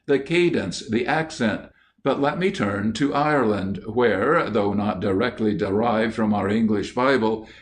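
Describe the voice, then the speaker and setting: A man reading lectures aloud as an audiobook narrator, in a measured, unhurried way. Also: lowish voice.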